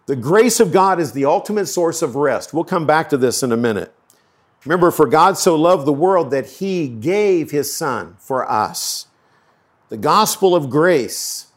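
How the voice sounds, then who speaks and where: A man preaching as a pastor, earnest and conversational, acting out quotes as he goes. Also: a little high. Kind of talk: sermon.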